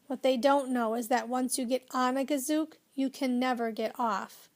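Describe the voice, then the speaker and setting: A woman voicing a fussy, excitable elderly male professor who speaks loudly and urgently in a children's storybook reading. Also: sits high, moderate pace. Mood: warning. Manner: loud and urgent, easily flustered.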